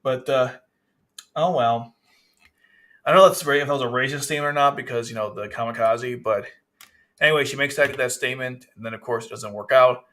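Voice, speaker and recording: A man's voice: mid-range voice, a little fast, a bit bright. A man casually reviewing a manga chapter, rambling, with frequent restarts. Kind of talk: casual commentary.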